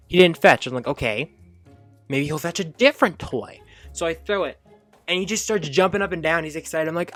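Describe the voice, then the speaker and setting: A man casually telling a funny childhood story, rambling with fillers and self-corrections and jumping up high when he acts out his younger self. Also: expressive, a little fast, a bit bright, dry recording, faint music behind. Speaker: storyteller host.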